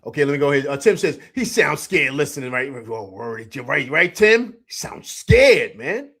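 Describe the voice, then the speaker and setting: A husky, mid-range voice moves fairly quickly as this middle-aged man hosts a live postgame sports show. He reads out chat comments and responds, animated and emphatic, repeating himself often.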